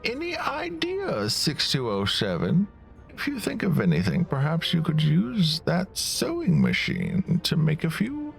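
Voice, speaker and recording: A man's voice: fairly high pitch, wildly swooping pitch, measured pace, creaky, over music, pitched above the performer's own voice, heavily acted. A man putting on an old woman's voice. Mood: scheming. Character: wise old woman, a fellow prisoner who knows monsters.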